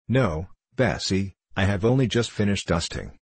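A man voicing a timid ten-year-old girl answering adults quietly in a storybook reading. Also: low-pitched, expressive, moderate pace, husky, dry recording, heavily acted. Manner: quiet, subdued.

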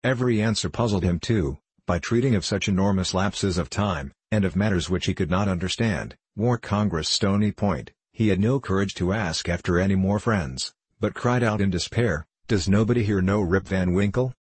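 Male narrator for a classic story, steady and measured, slightly husky. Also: low-pitched, no echo. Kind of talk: audiobook reading of a classic tale.

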